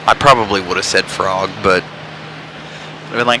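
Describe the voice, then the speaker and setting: A man's voice: medium pitch, a little slow, noisy background. A Southern man hosting a casual live stream from a parking garage roof, joking with chat and laughing often. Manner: jokey, laughs often, self-mocking. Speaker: live-stream host plane spotting. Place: outdoors on top of a parking garage.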